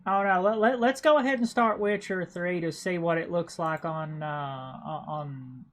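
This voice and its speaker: A woman's voice: on the low side, normal speed. A woman with an Appalachian accent from Appalachia, chatting casually on a livestream as a game streamer and rambling with stammered restarts and repeated words.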